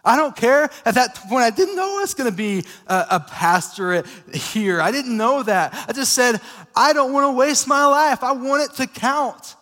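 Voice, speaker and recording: High-voiced young pastor in a reverberant hall. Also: male voice, normal speed. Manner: casual, energetic storytelling with many fillers. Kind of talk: sermon, personal testimony. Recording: long reverb of a church hall.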